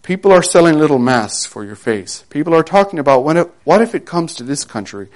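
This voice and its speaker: A preacher telling a dramatic second-person story in a sermon, dropping low and quiet on grave moments. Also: male voice, big pitch swings, a little fast.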